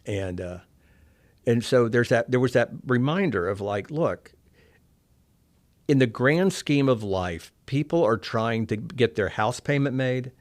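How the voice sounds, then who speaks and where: A middle-aged man from Oklahoma telling a candid personal story, soft-spoken and reflective, often trailing off quietly. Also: mid-range voice, expressive, a little slow. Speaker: interview guest.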